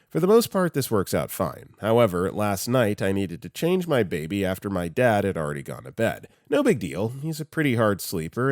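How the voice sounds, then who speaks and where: A man's voice: fairly low pitch, a little mellow, no echo, studio quality. A man narrating online stories aloud, with casual laughing asides between posts.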